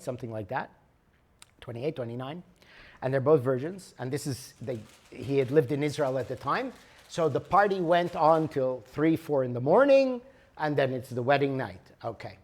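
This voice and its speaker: A man speaking to a live audience at a workshop, conversational and animated, swinging between loud emphasis and soft asides. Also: medium pitch. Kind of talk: live motivational talk. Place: lecture room with audience.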